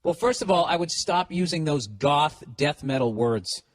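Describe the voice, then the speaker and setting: A man's voice: a little high, lively intonation, moderate pace, dry recording, clean studio sound. A man with a Boston accent hosting a podcast, reading listener mail aloud and mocking it with sarcastic, profane, incredulous remarks. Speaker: podcast host.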